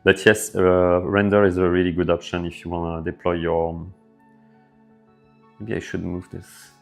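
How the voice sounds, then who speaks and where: A man with a French accent, hosting a casual developer livestream and answering viewer questions in a relaxed way with lots of fillers. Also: sits low, normal speed, vocal fry. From France. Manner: relaxed, filler-heavy, thinking aloud. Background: faint background music.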